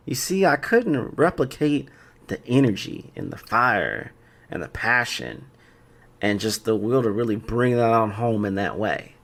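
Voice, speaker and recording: A man's voice: medium pitch, fairly bright tone. A man hosting a podcast, chatting casually and speaking straight to his listeners. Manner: conversational, addressing listeners directly. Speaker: podcast host.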